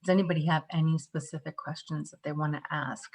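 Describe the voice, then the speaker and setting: A woman from the Northeastern US teaching a live online tapping workshop, chatty and animated, acting out little scenes as she explains. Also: deep voice, quick pace.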